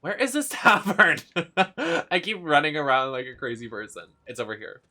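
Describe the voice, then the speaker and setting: A young man streaming a video game live, chatting casually in an excitable, giggly, gushing way. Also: on the high side, moderate pace.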